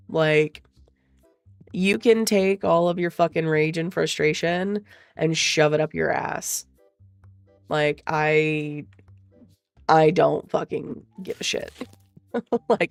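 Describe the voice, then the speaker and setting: A woman's voice: low voice, steady tone, slow pace, vocal fry, pauses often, dry recording, faint music behind. A woman talking in a casual chat, venting in a profane, exasperated way. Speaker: streamer.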